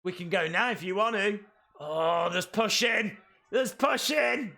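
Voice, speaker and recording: A man hosting a live wrestling watch-along, calling the action and breaking into excited shouts. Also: high voice, a little slow, creaky. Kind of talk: live wrestling reaction commentary.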